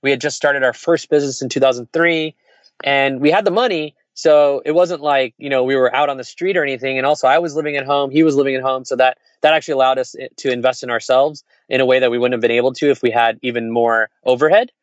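A man speaking quickly and frankly about his past as an entrepreneur, slipping into quoted voices now and then. The recording is dry and a touch dull, with no room around it. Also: mid-range voice, no room sound. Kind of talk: candid conversational storytelling.

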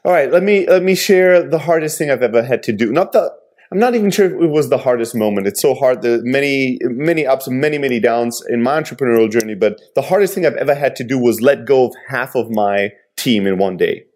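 A man's voice: medium pitch, expressive, fairly quick, a little mellow. A man, an entrepreneur, speaking earnestly and reflectively in casual conversation.

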